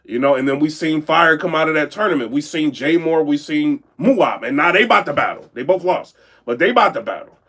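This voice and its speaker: Animated high-voiced man commentating. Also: fairly quick. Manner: animated, rambling, keeps asking "you know what I'm saying". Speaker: battle rap commentator and blogger. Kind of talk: casual live-stream commentary to chat. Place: indoor room.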